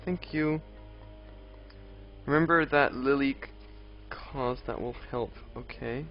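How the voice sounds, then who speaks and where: A young man talks his way through a live game stream, chatting to viewers and snapping at the enemies in exasperation. His voice sits at an ordinary middle pitch. The audio is dull and lo-fi, with faint game music underneath. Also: slow pace, pauses often. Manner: chatty, reads out and answers chat, exasperated outbursts at enemies. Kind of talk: live gameplay commentary.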